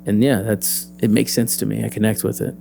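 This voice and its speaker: Low, mellow-voiced male storyteller. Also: fairly quick, gravelly, soft background music. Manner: lively storyteller who acts out quoted voices. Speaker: actor and PE teacher, interview guest. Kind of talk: casual interview storytelling.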